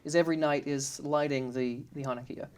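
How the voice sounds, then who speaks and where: A man's voice: medium pitch, fairly even intonation, brisk, darkish tone, clean tone. A man in casual conversation, explaining his family's customs with frequent ums and restarts. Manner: hesitant, many ums and restarts.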